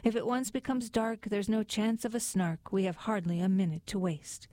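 A woman's voice: medium pitch, normal speed, mellow, dry recording, studio quality, natural voice. A woman voicing a bossy, impatient male ship's bellman in a storybook poem, with indignant outbursts.

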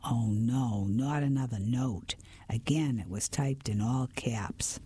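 Hushed whispering storyteller. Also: medium pitch, slow pace, slightly rough. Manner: soft, hushed and steady. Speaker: narrator. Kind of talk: whispered role-play story reading.

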